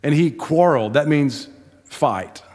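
A man's voice: on the high side, lively intonation, a little slow, darkish tone. A pastor giving a sermon in a conversational, storytelling manner, laughing and building emphasis as he goes. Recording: long hall reverb in church.

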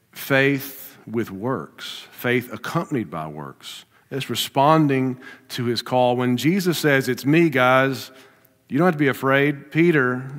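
A man preaching a sermon to a congregation, animated, swinging from loud emphatic lines to low asides. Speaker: pastor. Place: church sanctuary with a congregation. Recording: reverberant hall.

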